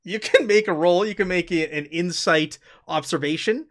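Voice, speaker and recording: A man's voice: high-pitched, normal speed, a bit bright. A young man narrating a tabletop game as game master, laughing often as he describes scenes.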